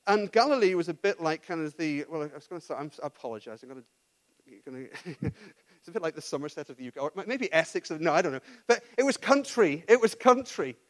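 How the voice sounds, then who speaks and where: A man's voice: a little high, animated, fast talker. A man preaching a sermon in a conversational, self-deprecating way, with frequent restarts and asides.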